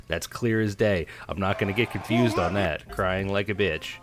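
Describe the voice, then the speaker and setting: A man hosting a casual reaction commentary, loud and mocking as he trash-talks. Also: sits low, normal speed, soft background music. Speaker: commentary show host.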